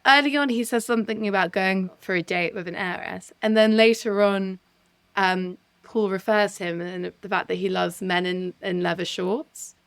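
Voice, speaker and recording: A woman's voice: medium pitch, steady tone, moderate pace, a bit bright, smooth, no room sound. A woman co-hosting a film podcast, talking candidly and enthusiastically, with casual swearing.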